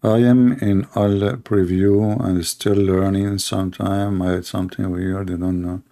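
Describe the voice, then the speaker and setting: Gravelly man. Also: low-pitched, level tone, unhurried, warm tone. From Arab world. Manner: emphatic, repetitive, heated. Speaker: Christian apologist host. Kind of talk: livestream commentary.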